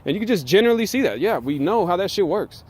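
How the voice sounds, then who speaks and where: A man's voice: high-pitched, very animated, fast talker, a little mellow, slightly rough. A man rants to camera in a slightly raised voice. His talk is loose, slangy and heavy with swearing. He repeats points for emphasis and cuts in with short laughs. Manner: profane, slangy and emphatic, with frequent laughs and filler. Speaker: vlogger. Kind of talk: casual rant to camera.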